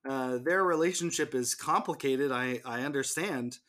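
A man co-hosting a casual sports podcast, talking in halting bursts with many restarts. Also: mid-range voice, a bit bright. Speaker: podcast co-host.

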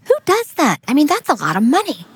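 A woman retelling a parable in a sermon, expressive and sometimes dropping to a whisper for emphasis. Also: high-pitched, a little fast, no echo. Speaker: speaker giving a devotional message. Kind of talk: sermon storytelling.

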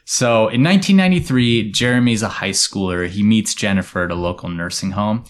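In a relaxed studio podcast conversation, a man with a very deep voice tells his co-hosts a story at a brisk clip. He explains things in an easygoing way and drops into quiet asides.

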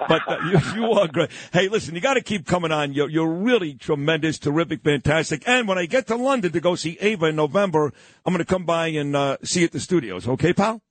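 A man hosting a morning talk radio show, gushing and fast with praise. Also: fairly high pitch, no room sound. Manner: effusive, rapid-fire praise.

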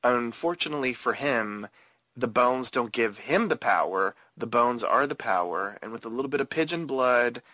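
A man's voice: mid-range voice, animated, moderate pace, bright, forceful tone, no room sound. A man hosting a casual podcast about a movie, who recaps the plot loosely, with hesitations and frequent laughter. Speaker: podcast host. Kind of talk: casual movie-discussion chat.

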